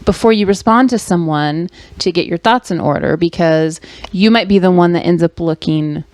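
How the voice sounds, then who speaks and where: A woman's voice: lowish voice, moderate pace, darkish tone, no echo. A woman co-hosting a casual podcast, reading quotes aloud, laughing easily and explaining her take earnestly. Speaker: podcast co-host.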